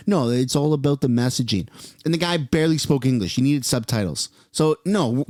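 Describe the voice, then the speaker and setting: A man's voice: medium pitch, brisk, darkish tone, dry recording, clean studio sound. A man from Canada whose first language is French, giving blunt, profane reaction commentary in a casual, ranting way. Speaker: political commentator.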